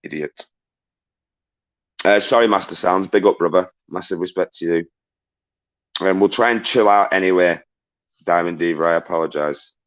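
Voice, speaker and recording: A man's voice: sits low, normal speed. A man on a livestream, agitated and swearing as he reads out and answers viewer messages. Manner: agitated and ranting, swears often, shouts out viewers.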